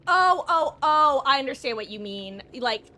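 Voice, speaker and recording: Her voice is high-pitched, sharp and animated, moving at a moderate pace. She's a gamer on a live stream, rambling casually to her audience, frequently laughing and fixing her own words.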